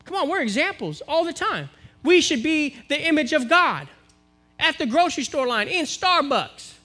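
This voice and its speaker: Man, American accent, minister preaching a live church sermon, high-pitched, forceful build-ups. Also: sing-song, normal speed. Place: church, live-streamed service.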